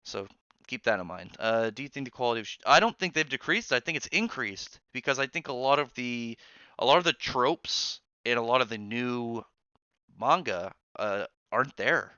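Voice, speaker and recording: A man hosting a casual live stream from his barracks room, rambling through chat with quick asides and restarts. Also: medium pitch, expressive, pushed and bright, clear, resonant tone, dry recording. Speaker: streamer host reading chat. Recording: dull lo-fi sound.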